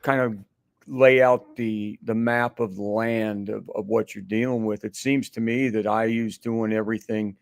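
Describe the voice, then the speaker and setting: A man's voice: fairly low pitch, fairly even intonation, unhurried, vocal fry, smooth, dry recording. A middle-aged man as a guest on a sports radio show, chatting casually and rambling with many restarts and fillers.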